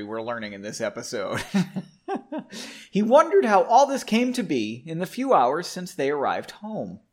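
A man's voice: on the high side, fairly bright tone. Man reading his own story with wry asides. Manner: self-interrupting, wry, rereads lines in new voices. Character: weary male hero, reading his own lines. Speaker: podcast host reading his own book. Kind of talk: casual reading with joking asides.

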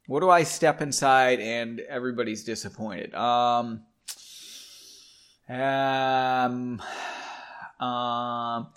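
A man's voice: mid-range voice, steady tone, extremely slow, long pauses, a bit bright, smooth. A man hosting a podcast where he reads his own book, breaking off for wry, self-interrupting asides. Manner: self-interrupting, wry, rereads lines in new voices. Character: weary male hero, reading his own lines. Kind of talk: casual reading with joking asides.

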